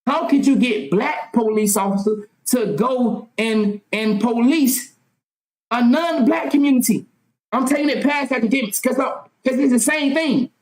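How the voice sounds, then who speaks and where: A woman vlogger delivering a fervent monologue full of rhetorical questions, at times yelling and swearing freely. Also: fairly high pitch, measured pace. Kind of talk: impassioned monologue. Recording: roomy echo.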